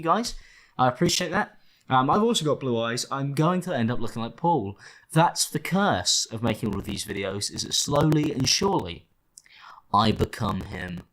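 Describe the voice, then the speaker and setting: A man hosting reaction commentary, his pitch swinging up and down as he jokes. He lays the sarcasm on thick and slips into a mock-whiny tone. His voice sits in a middle register. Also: a bit bright. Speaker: host.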